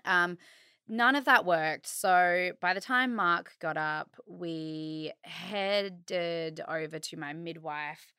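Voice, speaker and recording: A woman's voice: fairly low pitch, slow pace, clear, resonant tone, no echo, studio quality. A woman in her thirties co-hosting a podcast, telling a personal story in casual chat and acting out what people said. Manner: animated storyteller, acts out quotes with laughs. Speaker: podcast co-host.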